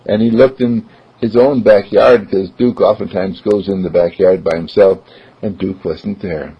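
A man with a low, gravelly, raspy voice tells a story at a slow, gentle pace. His pitch swings widely from line to line. The recording is dull and lo-fi. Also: steady tone. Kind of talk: told story.

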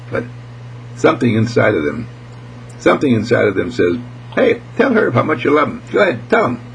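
A man's voice: on the low side, vocal fry, slight background noise, rough recording. A man giving an emphatic spiritual talk, exclaiming and laughing as he speaks. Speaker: inspirational speaker.

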